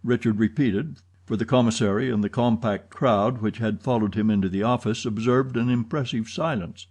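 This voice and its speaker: Man reading a classic audiobook, warm dark voice, a bit husky. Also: fairly low pitch, normal speed, hardly any pauses. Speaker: audiobook narrator. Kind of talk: scripted narration.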